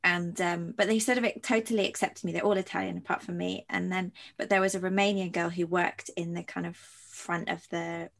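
Woman host, low gravelly voice, reflective rambling interviewer. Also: steady tone, a little fast, hardly any pauses, a bit bright. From London. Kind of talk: conversational interview.

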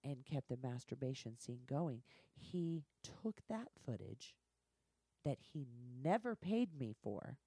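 Low, mellow-voiced woman telling blunt stories. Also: takes it slowly, breathy edge, dry recording. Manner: blunt, profane, animated storytelling. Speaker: guest. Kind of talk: candid podcast storytelling.

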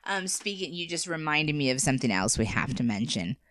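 An American woman co-hosting a casual chat, talkative and quick to laugh, with many fillers. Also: low-pitched, big pitch swings, a crowd in the background. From United States. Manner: chatty, laughs often, many likes and ums.

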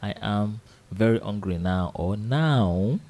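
A man hosting a live radio Arabic lesson, patiently repeating words slowly for listeners to drill and chuckling often. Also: lowish voice, lively intonation, a little mellow. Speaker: radio Arabic teacher and host.

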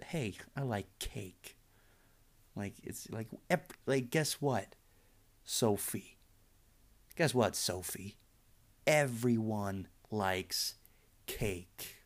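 Sarcastic, swearing man ranting on a podcast. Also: lowish voice. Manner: sarcastic, profane, exasperated ranting. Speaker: podcast host. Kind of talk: casual podcast rant.

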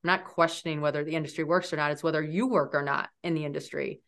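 A woman in her forties, a guest on an interview podcast, telling stories in an animated, lively way. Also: deep voice, quick pace. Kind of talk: storytelling in an interview.

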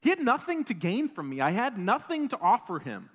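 A man in his thirties from Wisconsin, preaching a sermon as a pastor, telling a personal story in an animated, self-deprecating way with frequent restarts. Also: high voice, brisk. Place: church sanctuary. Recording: long reverb of a church hall.

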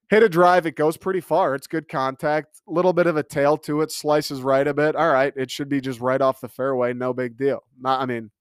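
A man's voice: medium pitch, clear, resonant tone, no room sound, studio quality. A man telling a story in a casual comedic rant, exasperated and swearing freely as he talks.

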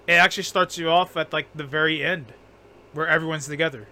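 A man chatting on a casual podcast, his voice on the higher side and bright. He rambles, restarts his sentences and laughs often. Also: fairly even intonation, a little fast. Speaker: podcast co-host.

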